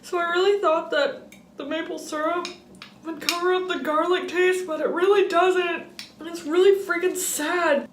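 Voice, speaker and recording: A woman's voice: extremely high pitch, fairly even intonation, normal speed. A young woman telling stories in a chatty, self-deprecating way while cooking in her kitchen. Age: young adult. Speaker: vlogger. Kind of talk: casual storytelling vlog. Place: home kitchen. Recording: echoey room, faint background noise.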